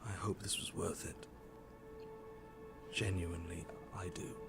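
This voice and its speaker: A weary, resigned inner voice speaks low and slow in a video game. It drops to a hush at times. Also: male voice, little pitch movement, creaky, over music, full character voice. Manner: quiet, slow, hushed at times. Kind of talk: game voice acting.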